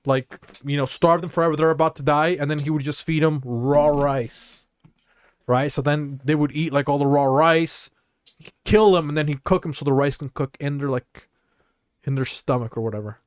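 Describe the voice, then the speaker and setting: A man's voice: fairly high pitch, fairly even intonation, moderate pace, clean tone, dry recording. A man hosting a casual podcast chat, rambling with lots of fillers and laughing often. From Utah. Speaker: podcast host.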